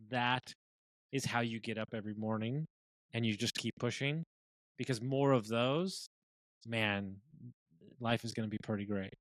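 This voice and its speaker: A man's voice: mid-range voice, fairly bright tone, no room sound, low-quality recording. Podcast host guy, medium voice, dry close sound, casual and encouraging. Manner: conversational, affirming, with restarts. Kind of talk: casual interview chat.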